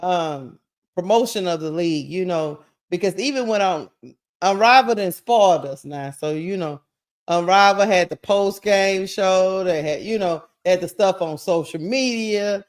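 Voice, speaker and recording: A woman co-hosting a casual talk show, easygoing and hesitant, pleading with drawn-out fillers. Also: fairly low pitch. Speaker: co-host.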